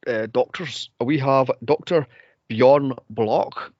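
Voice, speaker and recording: A man's voice: mid-range voice, slow, darkish tone, no echo. A man co-hosting a movie podcast, chatting animatedly with laughs and rambling asides. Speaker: podcast co-host. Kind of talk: casual movie review chat. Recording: dull lo-fi dry sound.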